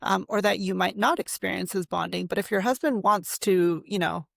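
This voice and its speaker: A woman's voice: medium pitch, moderate pace, creaky, a bit bright, no echo, studio quality. A woman as a therapist guest on a podcast, explaining with fillers and rhetorical questions. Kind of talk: conversational explaining.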